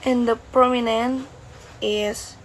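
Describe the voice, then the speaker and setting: A young woman student with as her talks through a pronunciation exercise, her voice sitting a little high. She speaks very slowly, pausing between short phrases. A faint hiss of background noise sits under the recording. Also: fairly even intonation, rough recording. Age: young adult. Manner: slow, careful, deliberate delivery, pausing between short phrases.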